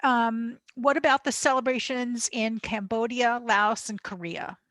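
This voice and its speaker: A woman's voice: fairly high pitch, steady tone, unhurried, fairly bright tone, no room sound. A woman hosting an online lecture, reading out audience questions in a friendly, casual way. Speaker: lecture host and moderator. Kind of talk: casual moderating.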